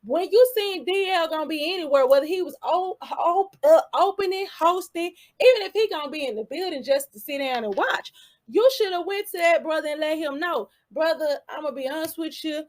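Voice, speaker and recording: A woman's voice: very high voice, animated, a little fast. A woman hosting her own channel, giving casual commentary full of rhetorical questions and asides.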